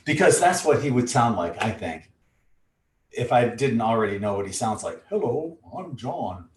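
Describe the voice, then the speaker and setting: A man in his sixties with a lowish voice reads oracle card messages aloud at an unhurried pace, with playful asides between passages. He sits back from the microphone, so the sound is distant and bounces around the room. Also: expressive, echoey room, slight background noise. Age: 60s. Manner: slow, deliberate reading broken by chuckles and jokey asides. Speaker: host reading oracle cards.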